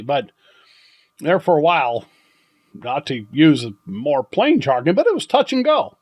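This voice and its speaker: An older man hosting a podcast, telling a story in a rambling, halting way with many restarts and chuckles. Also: a little high, sing-song, darkish tone. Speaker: podcast host. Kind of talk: casual storytelling monologue.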